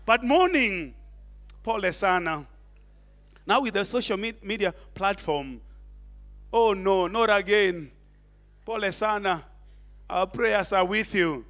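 A middle-aged man preaching a sermon, animated, tossing in Swahili asides and questions to the congregation. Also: sits high, unhurried, pauses often. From Kenya. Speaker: pastor.

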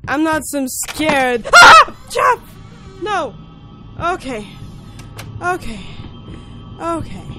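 A woman's voice: high voice, big pitch swings, extremely slow, long pauses, shouting. A young woman hosting a horror game let's play, jumpy, yelping and laughing nervously as she plays. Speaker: gaming video host. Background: game music.

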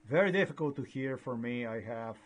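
Man, middle pitch, halting and repetitive, earnest rambling vlog delivery. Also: animated. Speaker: video blogger.

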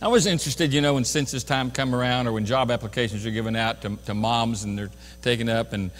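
A man's voice: mid-range voice, steady tone, fast, big-room sound, soft background music. An older man, a pastor, preaching a sermon with earnest, folksy asides.

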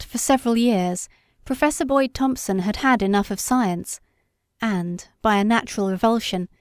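A woman reading a story aloud as an audiobook narrator, in a measured, unhurried way. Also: medium pitch, a little mellow, no echo, clean studio sound. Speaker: audiobook reader. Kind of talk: scripted narration.

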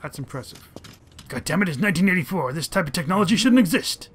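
A man giving casual, excitable and profane commentary while playing a video game. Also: high-pitched, fast, husky. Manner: excitable, profane, talks to his dog companion. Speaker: let's play commentator.

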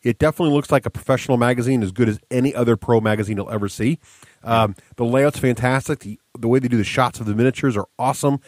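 A man's voice: mid-range voice, quick pace, no room sound, clean studio sound. A man hosting a podcast, chatting casually and enthusiastically. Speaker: podcast host. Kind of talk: casual chat.

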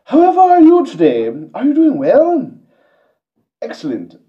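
A man voicing a prim, pompous English gentleman in a put-on posh English accent, prissy and overly formal, on a dull lo-fi recording. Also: very high voice, huge pitch swings, a little slow, recorded from a distance, pitched above the performer's own voice, exaggerated voice.

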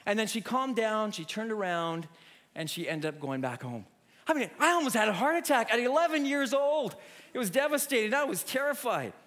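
Male preacher, higher voice, lively storytelling sermon, restarts often. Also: brisk. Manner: animated storyteller, many restarts.

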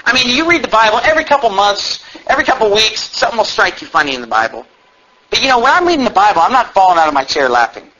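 High, bright-voiced fiery preacher man. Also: sing-song, quick pace. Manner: shouts and climbs high when fervent, mocking asides. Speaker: pastor. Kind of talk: fiery sermon. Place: church. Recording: dull low-fidelity church recording, faint hiss.

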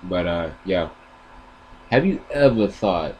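A man's voice: deep voice, slow pace, a little mellow, muffled recording, slight background noise. A man vlogging, rambling and joking in casual slang. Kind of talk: casual comedic commentary.

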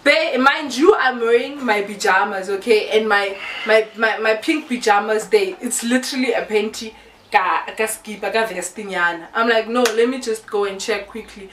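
A young South African woman with a South African accent, telling a casual story-time tale with lively, animated delivery and mixing in local words. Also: fairly high pitch, moderate pace, far from the mic, slight background noise. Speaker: YouTuber. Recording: echoey room, a bit off-mic.

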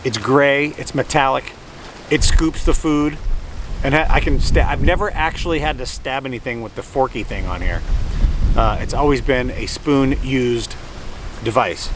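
Vehicle and traffic noise surround a man sitting by the water, filming himself on a hand-held camera as he casually rambles through a food review. He cracks jokes along the way, speaking in a medium pitch at a moderate pace.

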